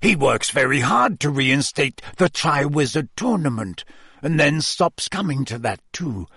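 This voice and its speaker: A grim, bitter wizard on the run, as a male reader puts him on. He talks low and deliberately, with a lively rise and fall in the pitch. The storybook reading sounds dry and close. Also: husky, no room sound, exaggerated voice. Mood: brooding. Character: grim, brooding adult male wizard fugitive.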